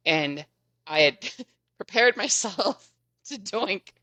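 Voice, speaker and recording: A woman podcast guest telling a story in an animated, chatty way, often laughing as she goes. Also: mid-range voice, slow pace, no echo. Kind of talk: casual storytelling.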